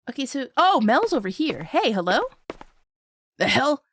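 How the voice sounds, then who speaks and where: A woman streamer giving excitable game commentary, laughing and swearing often. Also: sits high, unhurried, long pauses, husky, no echo, clean studio sound. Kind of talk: let's play game commentary.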